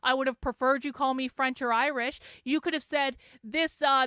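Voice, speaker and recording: A woman hosting a livestream, reading chat aloud and ranting in a rambling, sarcastic way, going loud and slow when she makes a point. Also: high voice, fairly even intonation, clear, resonant tone, no echo, clean studio sound. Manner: rambling and sarcastic, many fillers and restarts. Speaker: livestream host. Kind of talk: casual livestream commentary, reading chat comments.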